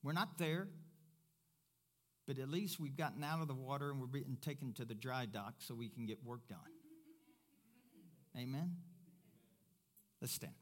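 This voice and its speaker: A man preaching a sermon as pastor, first loud and emphatic, then quieter and conversational. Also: mid-range voice, a little slow, long pauses.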